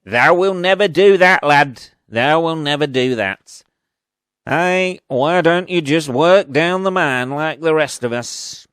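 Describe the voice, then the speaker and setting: A man's voice: on the high side, slow pace, fairly bright tone, clean tone, dry recording, studio quality, pitched above the performer's own voice. A man hamming up a scornful Northern parent. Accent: put-on Northern English. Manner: mocking, hammy, overdone. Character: gruff Northern working-class parent scolding a dreamer. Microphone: studio podcast mic.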